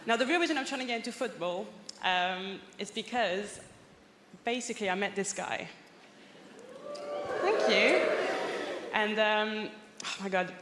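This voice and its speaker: A woman doing a stand-up set with a wry, deadpan, halting delivery. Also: mid-range voice, noisy background. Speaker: stand-up comedian. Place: large theatre on stage. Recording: echoey live theatre hall, loud ambience.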